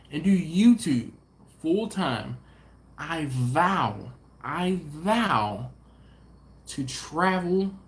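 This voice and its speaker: A middle-aged man with a fairly high-pitched voice hosts a barbecue channel live stream. He chats in a laid-back, slangy way, reading viewer comments aloud as he goes.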